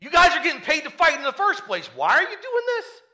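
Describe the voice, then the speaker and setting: An eager, incredulous young shepherd, acted out by a man, fires off quick, excited questions. His voice jumps well above the speaker's own pitch. It sounds bright and keyed up throughout. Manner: excited, questioning, rapid-fire.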